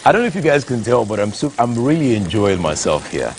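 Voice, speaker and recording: A man's voice: on the low side, sing-song, fast talker, background noise. A man hosting a morning TV show, chatting in a playful, teasing way on a studio kitchen set. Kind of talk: casual studio chat.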